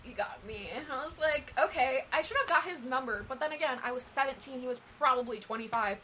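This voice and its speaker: A young woman with a bright, fairly high voice, chatting casually as a podcast co-host. She is giggly, blunt and crude, and a faint hum sits behind her. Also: fast talker, poor audio. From California and Tennessee. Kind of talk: casual chat.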